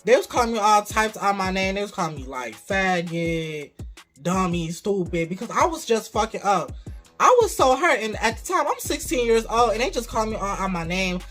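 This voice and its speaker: A young adult vlogger telling a casual story about their first job, cursing freely and getting animated. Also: mid-range voice, moderate pace, faint music behind.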